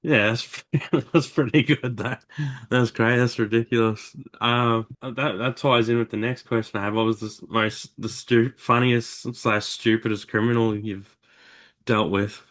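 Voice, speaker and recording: A man hosting an interview, asking questions in a halting, casual way and restarting mid-sentence. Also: mid-range voice, fairly even intonation, a bit bright. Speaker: interview host.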